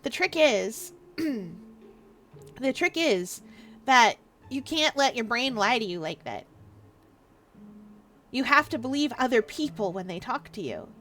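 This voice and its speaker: A woman livestreamer chatting casually and rambling through advice, acting out what people say in quick little voices. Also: on the high side, sing-song, fairly bright tone. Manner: rambling, gives advice, acts out quoted speech.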